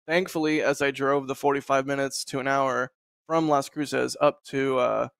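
Relaxed rambling man on a dry video call. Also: mid-range voice, normal speed, creaky, dry recording. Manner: relaxed, rambling, laughs often. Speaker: host. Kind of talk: casual live-stream chat.

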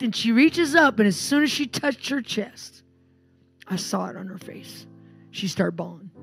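A woman's voice: medium pitch, lively intonation, moderate pace, long pauses, a bit bright, breathy edge. Woman preacher, storytelling then commanding prayers, faint music behind. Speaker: preacher and healing minister. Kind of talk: sermon with storytelling and healing prayer.

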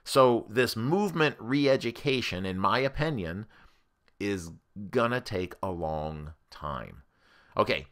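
A man, a therapist, giving a conversational educational talk that compares treatment methods. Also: fairly low pitch. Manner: animated, conversational explainer.

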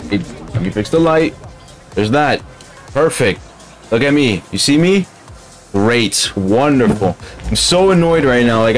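A man chats casually on a live stream at an ordinary, mid-range pitch, grumbling and throwing "bro" into his slangy talk. Music plays clearly behind him.

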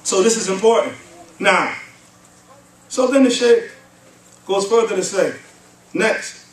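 A male Islamic lecturer with a high, lively voice speaks slowly in a mosque hall, reciting Arabic verses and throwing rhetorical questions like "huh?" and "what?" at the audience. The hall is echoey, the mic is at a distance, and there's faint hiss.

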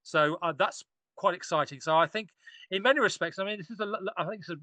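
Bright-voiced man, eager archaeologist. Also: sits high, quick pace, no echo. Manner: enthusiastic, rambling with frequent restarts. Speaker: archaeologist guest. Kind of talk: casual podcast discussion.

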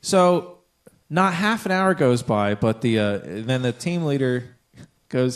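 A man's voice: medium pitch, expressive, slow. Young male podcast co-host, rambling storyteller, swears freely. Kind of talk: casual chat.

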